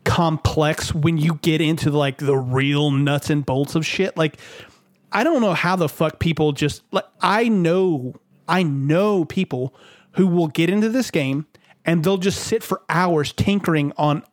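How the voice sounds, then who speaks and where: A man's voice: on the high side, a little slow, no echo, studio quality. A young man in casual gaming talk, rambling with lots of "like" and swearing. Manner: rambling, full of fillers and swearing. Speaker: podcast co-host.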